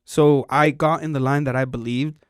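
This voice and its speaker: Profane storytelling man, smooth voice. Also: medium pitch, normal speed, dry recording, studio quality. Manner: animated, profane storytelling, acting out quotes. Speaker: podcast host. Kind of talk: casual storytelling chat.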